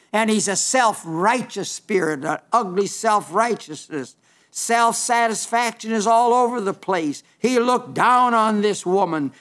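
High-voiced man preaching a sermon. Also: fairly bright tone. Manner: earnest, emphatic, with restarts and stumbles.

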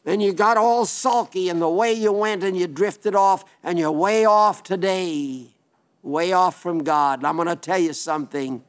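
Older male preacher, high voice. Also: unhurried. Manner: earnest, pleading, repeats phrases. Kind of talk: sermon.

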